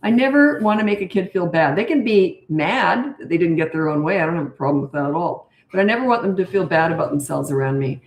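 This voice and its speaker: A woman's voice: fairly low pitch, expressive, quick pace, few pauses, reverberant. An older woman and parenting coach answering viewer comments on a live stream, chatty and emphatic, repeating her key points.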